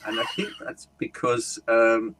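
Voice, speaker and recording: A man from the United Kingdom, a humorist, telling an anecdote in a relaxed interview and slipping into voices for the people he quotes. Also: mid-range voice, unhurried, poor audio. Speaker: guest speaker and humorist. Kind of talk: casual storytelling interview.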